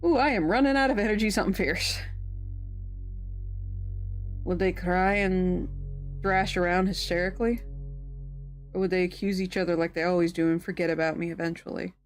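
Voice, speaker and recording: A woman streaming a game, reading its text aloud and telling stories in a chatty, animated way. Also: moderate pace, long pauses. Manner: chatty, animated storytelling with sudden pitch jumps. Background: background music.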